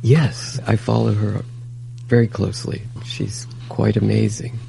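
Male co-host, very gravelly voice, dark tone, low pitch, agreeable. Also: flat delivery, slight background noise, rough recording. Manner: agreeable, quick to affirm. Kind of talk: casual co-hosted show talk.

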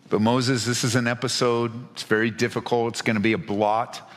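A man's voice: level tone, a little fast, a bit bright. A male pastor preaching, reading scripture and then applying it with passionate, rising emphasis and repeated words. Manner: impassioned, rising pitch in emphatic stretches; repeats words when stressing a point. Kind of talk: sermon. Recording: long hall reverb.

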